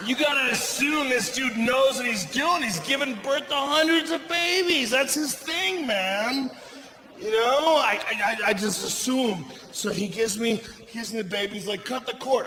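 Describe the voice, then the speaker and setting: A man doing a stand-up comedy routine on a theater stage, telling a profane story loudly and with big shouted punchlines. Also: very high voice, normal speed. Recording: roomy live theater sound with audience noise.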